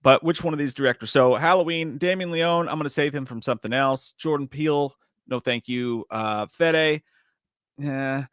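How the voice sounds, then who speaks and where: A man's voice: a little high, dry recording, studio quality. A man co-hosting a live movie podcast, chatting casually, swearing a lot and laughing often. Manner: profane, animated, laughs often. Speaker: podcast co-host.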